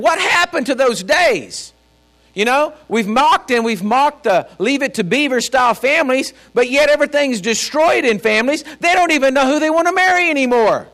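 A man's voice: extremely high pitch, fairly bright tone. A man preaching a sermon as pastor, fiery and folksy, with joking asides. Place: church.

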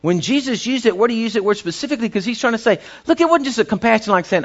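A man's voice: sits high, sing-song, fast talker, hardly any pauses, a bit bright. A man preaching a sermon, telling a story in a folksy, rambling way. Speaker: pastor. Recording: dull lo-fi recording.

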